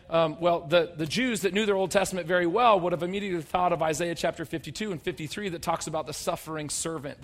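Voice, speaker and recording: A man preaching a sermon as pastor, conversational and humorous, swinging between loud emphatic bursts and quiet low asides. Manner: conversational and humorous, acting out people's voices.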